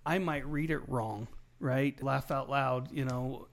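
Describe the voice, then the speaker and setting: A man's voice: medium pitch, slow pace, gravelly. A man hosting a podcast, chatty and telling anecdotes with a laugh. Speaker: podcast host. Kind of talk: casual chat.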